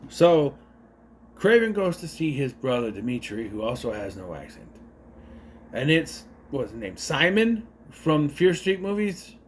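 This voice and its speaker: Rambling man with lively pitch. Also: slight background noise. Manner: rambling, unsure asides and self-corrections. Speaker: movie reviewer. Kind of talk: casual spoken movie review.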